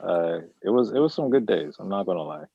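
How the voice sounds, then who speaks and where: A man's voice: low-pitched, expressive, fairly quick, gravelly, slightly rough, dry recording. A man in casual chat, laid-back and teasing as he recalls an old show. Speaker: former radio show co-host. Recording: dull dry sound.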